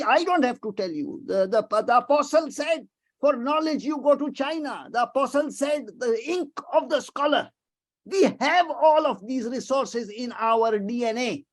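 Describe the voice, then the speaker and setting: An older man from Pakistan, giving an emotional, rhetorical webinar talk as an economics professor over a video call. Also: extremely high pitch. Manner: emotional, rhetorical, repeats himself. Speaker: economics professor, guest speaker.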